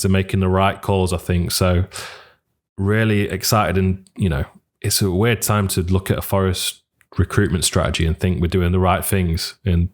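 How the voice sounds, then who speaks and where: Deep-voiced man, football podcast. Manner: relaxed, enthusiastic fan talk with fillers. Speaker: podcast co-host. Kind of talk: casual football podcast chat.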